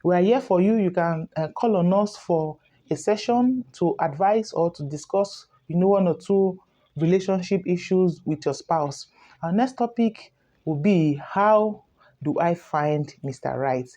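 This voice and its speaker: A woman gives earnest relationship advice in a low, mellow voice. She is instructive and repeats her key points. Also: measured pace. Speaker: relationship coach. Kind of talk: advice talk to camera.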